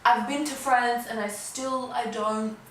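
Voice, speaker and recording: Lively high-voiced young woman, echoey room. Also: a little hiss or hum. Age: 20s. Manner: animated, fast-talking, swings from low mutters to high outbursts. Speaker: vlogger. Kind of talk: storytime vlog, casual chat. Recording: echoey room, voice a bit far from the mic.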